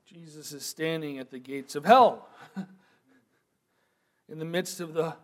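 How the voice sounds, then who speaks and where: A man preaching a sermon, moving from quiet, thoughtful asides to loud, emphatic proclamation. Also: on the high side.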